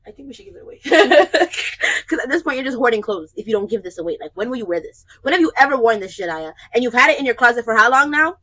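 A woman's voice: on the high side, animated, racing, hardly any pauses, pushed and bright, poor audio. A young woman chatting casually and playfully in a clothing try-on vlog, with joking asides. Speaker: vlogger.

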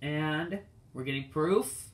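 A man's voice: on the high side, slow pace. A young man reviewing a toy race car for his channel, talking straight to viewers in an exasperated, ranting way. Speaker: diecast collector reviewing cars. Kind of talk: casual video review.

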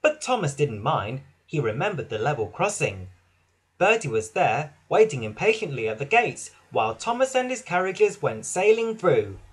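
A man narrates a children's storybook in a high, bright voice. His delivery swoops with sing-song expression, and the tone has a slight husky grain. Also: big pitch swings, moderate pace.

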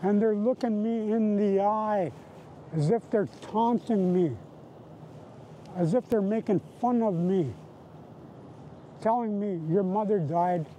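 Speaking slowly and pausing often, this Canadian man has a high, mellow voice as he testifies about his time as a residential school survivor. He tells the documentary interviewer his story in vivid present tense with repeated phrases, over a low-quality recording with a little hiss or hum.

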